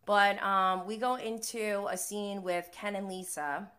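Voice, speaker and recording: A woman's voice: medium pitch, fairly even intonation, unhurried, a bit bright. A young woman hosting a live stream, chatting casually through a TV episode recap, laughing and using many fillers. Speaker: recap host.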